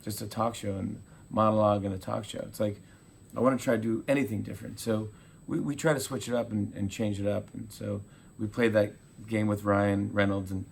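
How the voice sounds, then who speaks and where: A man in his forties, a talk show host, telling animated stories in a casual interview and acting out quotes. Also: fairly low pitch, fairly quick, creaky, slight background noise. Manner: animated storyteller, acts out quotes.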